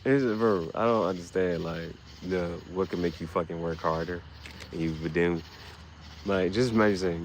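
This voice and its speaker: A man ranting casually and profanely on his vlog, rambling and getting animated as he goes. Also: low-pitched, normal speed, a little hiss or hum, low-quality recording. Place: dim room.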